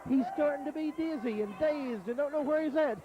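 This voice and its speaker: A man calling a wrestling match play by play in a folksy, excited way. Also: extremely high pitch, brisk, highs cut off, very noisy. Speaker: wrestling commentator. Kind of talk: play-by-play commentary.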